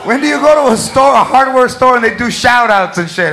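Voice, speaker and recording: A man's voice: extremely high pitch, lively intonation, a little fast, few pauses. A man doing a profane, rowdy stand-up comedy set on a comedy club stage, recorded live in a noisy club. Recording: live club with crowd and noise.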